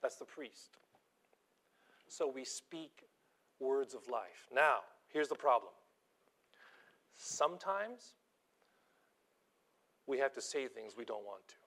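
A preacher who also teaches school gives an informal sermon, sharing classroom stories with animated self-deprecation. His mid-range voice moves slowly with frequent pauses, sinking to quiet asides and swelling to loud emphasis.

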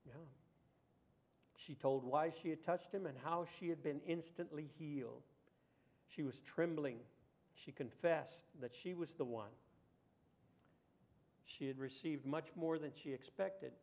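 Male pastor, slightly raised pitch; conversational sermon with rhetorical questions and voiced quotes. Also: measured pace, long pauses, a little mellow.

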